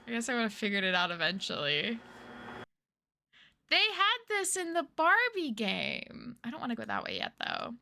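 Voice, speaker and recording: A woman's voice: a little high, huge pitch swings, moderate pace, pushed and bright, soft background music. A woman streaming a mystery game, chatting casually, reading chat aloud and reacting with gasps and laughs.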